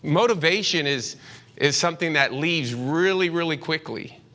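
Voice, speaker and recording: A man with a bright, fairly high voice gives a live talk to a room of real estate agents. He rambles, with lots of fillers, restarts and candid slang. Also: moderate pace. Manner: chatty and candid, slips into slang.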